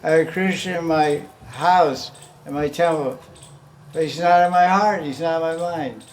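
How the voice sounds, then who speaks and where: A man's voice: fairly high pitch, normal speed, slight background noise. A man teaching a devotional class in a loose, conversational way, often chuckling and acting out the pleas he quotes. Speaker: spiritual teacher.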